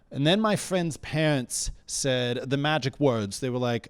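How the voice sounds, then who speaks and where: A man's voice: mid-range voice, moderate pace, hardly any pauses, clear, resonant tone, dry recording. A man doing a stand-up comedy routine in a small comedy bar, telling stories in a wry, rambling way and often correcting himself mid-sentence.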